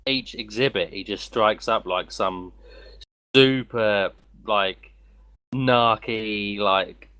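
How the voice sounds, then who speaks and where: A man's voice: on the low side, slow, sharp tone, clear, resonant tone, dry recording. A man co-hosting a podcast, explaining in a rambling way with many fillers. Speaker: podcast co-host. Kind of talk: casual chat.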